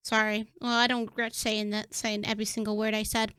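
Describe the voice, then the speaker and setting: A woman streamer casually playing a game, reading its text aloud with excitable, profane outbursts. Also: medium pitch, fairly quick, few pauses, smooth, no room sound, studio quality.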